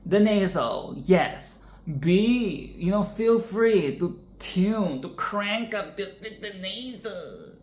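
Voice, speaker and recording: Slow-talking chatty woman, echoey room. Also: medium pitch, animated, darkish tone. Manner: chatty, self-interrupting, breaks into sung and exaggerated demonstrations. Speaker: singing tutorial host. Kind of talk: casual vocal lesson with sung demos.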